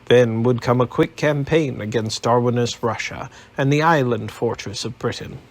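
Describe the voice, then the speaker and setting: Reading an audiobook at normal speed, this male narrator keeps his storytelling steady and even in a mid-range voice.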